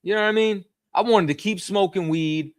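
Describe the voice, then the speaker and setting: A man's voice: high voice, brisk, no echo. A man leading a scripture study, speaking in casual street slang and often asking "you know what I'm saying". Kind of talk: casual teaching.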